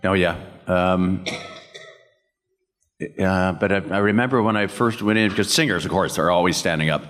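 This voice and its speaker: An older Canadian voice actor, a guest on a convention panel Q&A, tells rambling anecdotes and laughs his way through them. His voice sits low with a moderate pace and a slightly bright tone, in a reverberant convention hall.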